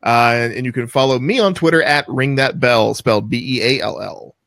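A man's voice: medium pitch, normal speed, a bit bright, no echo. Male talk show host, loose and jokey, dry close sound. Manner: loose and joking, laughs often. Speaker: podcast host. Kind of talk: casual call-in show chat.

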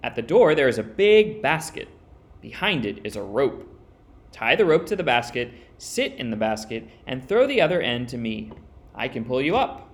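A man voicing a clever, quick-witted eldest girl who calls out in a high, bright voice. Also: very animated, a little hiss or hum. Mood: calling.

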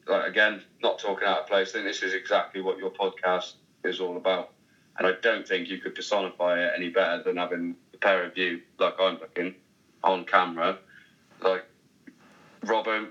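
A man's voice: low-pitched, bright, forceful tone. A man chatting casually on a podcast, rambling and matey with plenty of fillers. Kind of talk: casual chat. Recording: dull, lo-fi sound.

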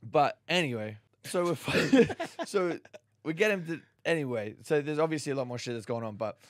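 A man's voice: a little high, expressive, normal speed, no room sound, clean studio sound. An Australian man hosting a podcast, telling a story in a laid-back way, swearing a lot and laughing easily. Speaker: podcast host. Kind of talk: casual podcast chat.

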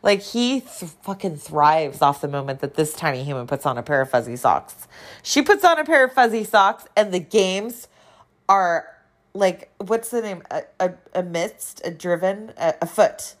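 A woman's voice: lowish voice, animated, moderate pace. A woman hosting a casual chat, rambling and profane.

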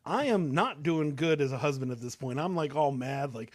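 A man's voice: medium pitch, normal speed, hardly any pauses, crowd noise. A young man telling a long story on a talk show, casual and rambling, with many fillers and restarts. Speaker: co-host.

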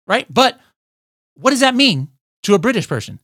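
A man hosting a podcast, giving an energetic how-to talk to listeners he keeps calling guys. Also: very high-pitched, normal speed, pauses often, breathy edge, dry recording, clean studio sound. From United States. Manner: energetic, addresses listeners as guys, frequent "all right?". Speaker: podcast host.

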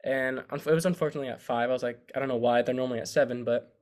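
A young man, a student, co-hosting a podcast and telling a story in casual chat, lively and acting out what people said. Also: medium pitch, rapid-fire. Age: young adult. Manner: animated storyteller, acts out quotes. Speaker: podcast co-host.

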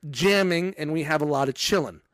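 Profane storytelling man, fairly high voice. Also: a little fast, a bit bright. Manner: profane, storytelling, acts out quotes. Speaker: grocery store department manager. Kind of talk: casual chat.

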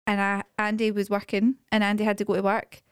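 A chatty Scottish woman on a podcast, telling her stories with a dramatic flair. Her voice comes across smooth and polished, picked up close in a dry, dead space. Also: medium pitch, monotone, quick pace, no echo. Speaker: podcast co-host. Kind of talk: casual chat.

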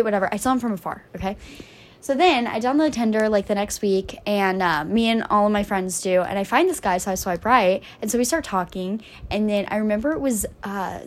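A young adult woman who guests on a podcast and tells an animated dating story, laughing often and peppering it with "like" and "dude.". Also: medium pitch. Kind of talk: casual storytelling.

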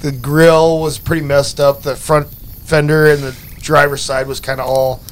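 A man's voice: on the high side, little pitch movement, unhurried, a little hiss or hum. A man telling a rambling, profane story in casual chat, stacking fillers as he goes. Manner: rambling and profane, full of "like" and "you know".

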